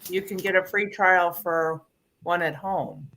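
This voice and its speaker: A woman's voice: on the low side, fairly even intonation, unhurried, pushed and bright. A woman hosting a casual group video chat, teasing her friends and laughing often. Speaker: host.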